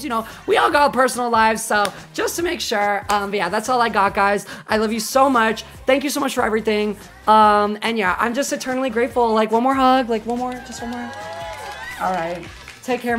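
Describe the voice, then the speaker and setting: Woman streamer, gushing and loose sign-off, a bit high-pitched, faint music behind. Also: fairly bright tone. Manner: affectionate, rambling, swears casually. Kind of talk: casual stream sign-off chat.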